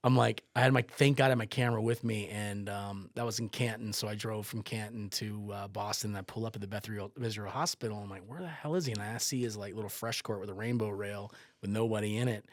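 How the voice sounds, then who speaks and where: Animated man telling a story. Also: lowish voice, fast talker, few pauses, dry recording. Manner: animated, swearing, acts out quotes. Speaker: podcast guest, photographer. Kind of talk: casual storytelling.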